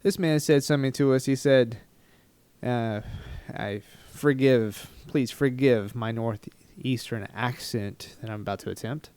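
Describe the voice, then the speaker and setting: A man from Texas rambles through a travel story with self-mocking humor. His voice is smooth and clear at a middle pitch, recorded close and dry with no room sound. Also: unhurried, a little mellow, no room sound. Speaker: vlogger. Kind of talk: casual storytelling to camera.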